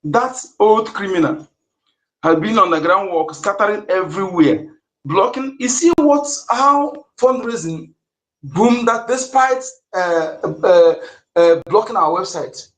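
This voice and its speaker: A man's voice: high-pitched, animated, measured pace, a bit bright, reverberant, low-quality recording. A man speaks heatedly to an online audio room. He repeats himself and restarts his sentences often. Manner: heated, repetitive, with many restarts and fillers. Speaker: participant in an online audio space. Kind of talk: impassioned speech to an online audience.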